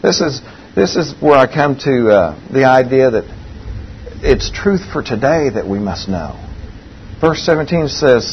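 A man's voice: medium pitch, big pitch swings, a little slow, a little hiss or hum. A man preaching a sermon, telling a story in an earnest way and repeating key phrases. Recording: dull lo-fi recording.

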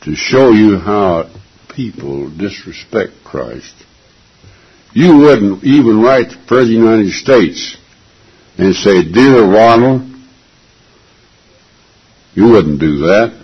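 A man delivers a sermon in a slow, deliberate, sing-song manner, his voice very deep, gravelly and raspy. He repeats key phrases emphatically and earnestly for weight, and the audio is dull and lo-fi.

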